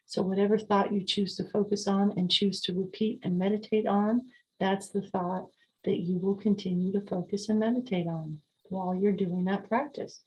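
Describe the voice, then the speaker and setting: A woman hosting a podcast, talking calmly and repetitively as she coaches listeners on slowing down and mindfulness. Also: medium pitch, poor audio. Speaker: podcast host. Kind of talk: calm podcast talk on sleep and mindfulness.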